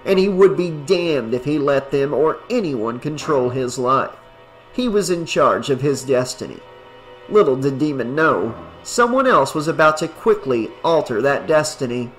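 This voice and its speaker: A man giving a steady audiobook narration of a horror story. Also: fairly high pitch, measured pace, soft background music.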